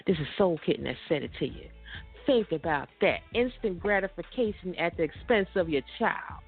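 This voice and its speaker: A woman's voice: on the low side, expressive, moderate pace. A woman co-hosting a radio talk show, preaching emphatically and repeating her points. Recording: tinny phone-like radio audio with faint music.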